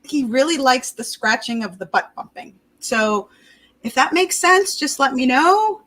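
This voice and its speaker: A woman's voice: fairly high pitch, animated, a little slow, a bit bright, low-quality recording. A woman working as a pet communicator on a livestream, chatty and laughing at herself as she describes a dog. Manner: chatty, laughing, self-conscious. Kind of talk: livestream talk.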